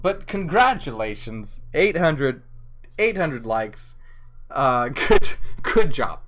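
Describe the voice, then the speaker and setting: A man's voice: on the high side, very animated, slow. A drunk man hosting a livestream, slurring and giggling as he rambles and reads out viewer comments. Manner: giggly, slurring, easily flustered. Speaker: livestream host. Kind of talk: rambling live chat, reading out viewer comments. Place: indoors, chilly room.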